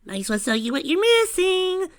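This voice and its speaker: A woman's voice: extremely high pitch, big pitch swings, moderate pace, voice pushed up. A reader voicing Pinky, a clingy, lovesick young woman who is hurt one moment and brash the next. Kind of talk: audiobook reading.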